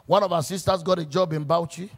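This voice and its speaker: A man's voice: on the high side, fairly even intonation, quick pace. A man, a pastor preaching a sermon to church workers in a church, emphatic as he weaves stories and scripture quotes.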